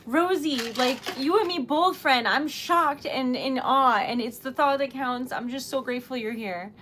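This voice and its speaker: A woman's voice: sits high, a little slow, fairly bright tone. A young woman chatting on a livestream while crafting, flustered, teary and rambling with giggles. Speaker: livestream host.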